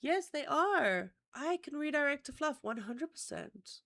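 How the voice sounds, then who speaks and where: Casting: congested woman streamer, nasal, giggly, blunt, lively and slightly high. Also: unhurried, vocal fry. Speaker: livestream host. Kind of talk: casual livestream chat.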